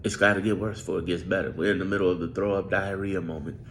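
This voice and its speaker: A low, gravelly male voice, speaking off script to his audience. He talks emphatically, repeats himself and drags out his phrases. A faint hiss sits under the recording. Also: fairly even intonation, fast, a bit bright. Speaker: political commentator. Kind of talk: off-script direct-to-camera commentary.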